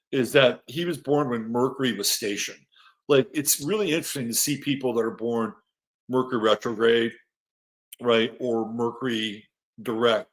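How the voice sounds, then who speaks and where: A man's voice: mid-range voice, fairly bright tone. A middle-aged man hosting an astrology livestream, chatting casually and reading out greetings from the chat, loose and swearing now and then.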